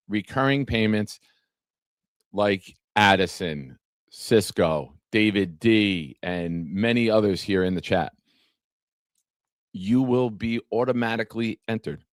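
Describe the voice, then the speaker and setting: A man's voice: fairly low pitch, dry recording, studio quality. A man hosting a casual live-streamed sports talk show, chatting with viewers by name and reading from an article. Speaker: podcast host.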